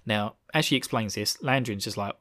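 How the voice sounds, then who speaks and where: A man hosting a podcast, recapping a book in an animated, slangy, laughing storytelling manner. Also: on the low side, moderate pace. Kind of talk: casual chat.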